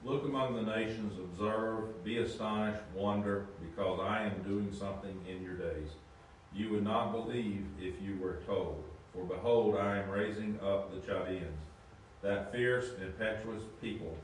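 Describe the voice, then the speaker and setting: Low-voiced man reading, far and echoey. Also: unhurried, a little hiss or hum. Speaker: class member. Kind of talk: reading scripture aloud.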